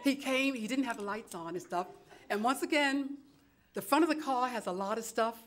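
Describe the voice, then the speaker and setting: A woman's voice: a little high, animated, normal speed. A woman from New York giving a chatty, dramatic public comment at a city council meeting, acting out both sides of each conversation. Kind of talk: animated storytelling at a council meeting. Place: council chambers.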